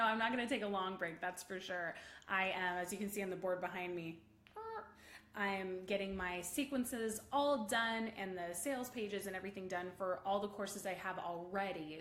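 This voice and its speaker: A woman coach hosting a live video session, bubbly and animated, chatting with viewers and reading out their comments. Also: medium pitch, roomy sound. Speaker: online visibility coach. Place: home office room.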